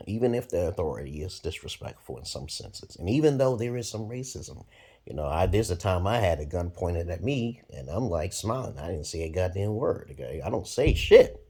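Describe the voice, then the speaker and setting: A man in his forties from Brooklyn talks straight into the camera in a long, profane monologue. His voice sits very low and sounds husky. He rambles bluntly and his voice leaps up in sudden loud bursts. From Brooklyn, New York, USA. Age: 40s. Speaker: vlogger.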